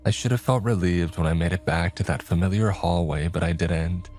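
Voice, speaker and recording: A man giving a measured, dramatic scripted narration of a horror story. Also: low voice, a little mellow. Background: faint music.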